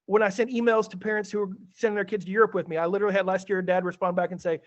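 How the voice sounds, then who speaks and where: A male teacher with a fairly high, bright voice talks students through feedback on a video call, chatty and a touch theatrical. The audio sounds a little dull and muffled, like a typical online meeting. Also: very fast, hardly any pauses. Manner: chatty, animated, a bit theatrical. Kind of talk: online class feedback session.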